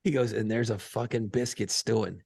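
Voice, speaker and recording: A man co-hosting a podcast, telling a profane, animated story in casual banter and acting out other people's voices. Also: fairly low pitch, normal speed, gravelly, breathy edge, no echo, studio quality. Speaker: podcast co-host and radio program director.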